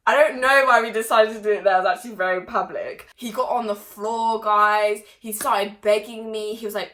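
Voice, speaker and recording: Bright-voiced chatty young woman. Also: medium pitch, normal speed, hardly any pauses. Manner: chatty and animated, with laughs and sudden bursts of loudness. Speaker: vlogger. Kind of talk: casual storytime to camera.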